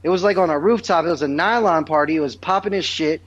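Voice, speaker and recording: A man's voice: fairly high pitch, fast. A man guest in casual conversation, telling long rambling stories full of fillers and restarted sentences, with a dull lo-fi sound. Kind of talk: casual storytelling chat.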